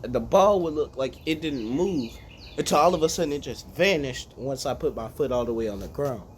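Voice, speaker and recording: A man casually spinning a made-up story in a relaxed, slangy way. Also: medium pitch, a little fast, a little hiss or hum. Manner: relaxed, slangy, laid-back telling.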